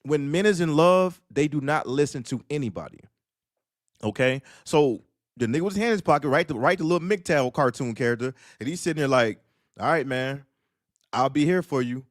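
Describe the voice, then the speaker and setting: A man's voice: fairly high pitch, animated, a little fast, no room sound, studio quality. A man talking on a streamed panel discussion, telling stories bluntly and preaching with profanity. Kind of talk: casual streamed panel talk.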